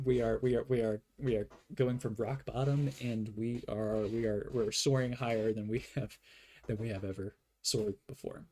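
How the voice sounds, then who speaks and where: A man's voice: mid-range voice, a little mellow. A man hosting his own channel, talking casually and earnestly to his viewers, full of fillers and restarts. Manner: rambling, filler-heavy, earnest and upbeat. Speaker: channel host. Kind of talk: casual vlog talk to viewers.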